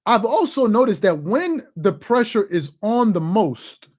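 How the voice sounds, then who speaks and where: A woman's voice: medium pitch, sing-song, unhurried, a little mellow, breathy edge. A woman hosting a sports opinion show, arguing her points emphatically and repeating phrases for stress.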